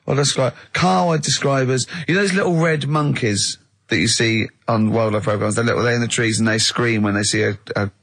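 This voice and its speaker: A man's voice: mid-range voice, brisk, few pauses, fairly bright tone, no echo. Guy hosting radio in a studio mic, teasing, keeps cracking up laughing. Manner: giggly, teasing, breaks into laughter. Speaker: radio host. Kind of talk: casual radio banter. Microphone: studio microphone.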